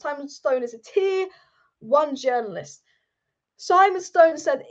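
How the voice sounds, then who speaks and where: High-pitched excitable woman, rambling live fan host, dull lo-fi stream audio. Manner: excitable, rambling, repeats herself. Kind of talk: live fan commentary chat. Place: sitting at home.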